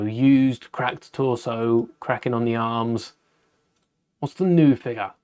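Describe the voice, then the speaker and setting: A British man hosting a live Lego building stream, chatting casually, thinking aloud as he builds and answering viewers' questions. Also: medium pitch. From United Kingdom.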